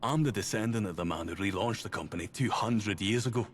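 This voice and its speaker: A man's voice: lowish voice, a little fast, lightly acted. An actor with a Scottish accent playing a proud male trader who guards a prized charter in a video game. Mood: haughty.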